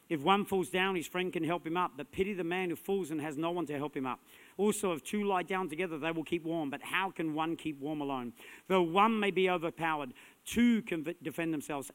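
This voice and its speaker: A man preaching a sermon as a pastor, energetic and punchy, building to loud emphatic peaks. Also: a little high. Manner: energetic, punchy, rising to shouts.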